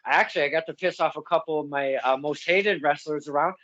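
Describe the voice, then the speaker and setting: A man's voice: fairly high pitch, a little fast, fairly bright tone. A man hosting a casual interview, rambling and stammering as he tells stories and laughs along. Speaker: podcast host and local wrestling ring announcer. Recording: slightly dull lo-fi sound.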